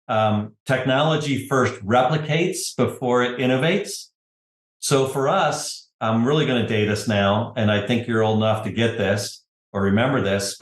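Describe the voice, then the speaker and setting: A middle-aged man, a podcast guest, telling his story in relaxed conversation, often adding "you know" and "right?". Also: medium pitch, roomy sound. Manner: conversational, tag questions, frequent "you know". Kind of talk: casual interview storytelling.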